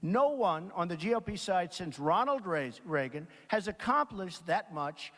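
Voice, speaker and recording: A man's voice: sits high, very animated, measured pace, fairly bright tone. A man giving a campaign rally speech in a large packed auditorium, rambling and repetitive, reading out quotes and then riffing on them. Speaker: campaign speaker. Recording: long reverb of a big hall. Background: crowd in a large hall.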